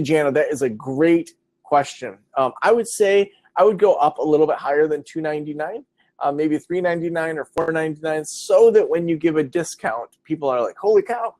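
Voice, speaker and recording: A man's voice: a little high, no room sound. A man hosting a live webinar, talking casually with lots of fillers and answering viewer questions. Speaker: webinar host. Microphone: computer mic over a web stream.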